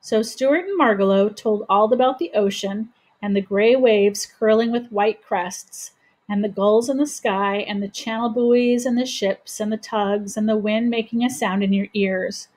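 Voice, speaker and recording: A woman reading a children's chapter book aloud in a gentle, steady voice. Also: mid-range voice, measured pace. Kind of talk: children's storybook read-aloud.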